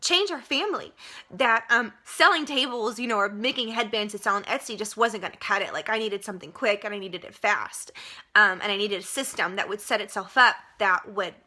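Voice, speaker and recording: A woman's voice: medium pitch, brisk, sharp tone. A young woman sharing an earnest, emotional personal testimonial as a direct-sales distributor, with many fillers, turning tearful as she talks. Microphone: webcam.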